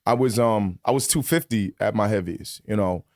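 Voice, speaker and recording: A man in his thirties from Virginia, a comedian guest telling animated stories and slipping into voices. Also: fairly low pitch, normal speed, dry recording, studio quality. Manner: animated storytelling, slips into acted voices. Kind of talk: casual chat.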